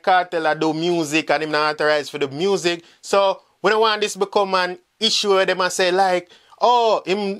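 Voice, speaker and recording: A Jamaican man runs through entertainment news in a loose, chatty way, slipping between patois and English. His voice sits a little high for a man, and he keeps turning to speak straight to his audience. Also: fairly bright tone, clear, resonant tone. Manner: chatty, addresses viewers directly, mixes patois and English. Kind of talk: casual gossip commentary.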